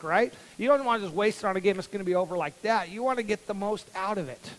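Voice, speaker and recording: A pastor in a church, telling a childhood story to his congregation in a high, lively voice. He acts out the voices of the people in the story as he goes. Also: fast, hardly any pauses, in a large hall, low-quality recording. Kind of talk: storytelling sermon. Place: church sanctuary.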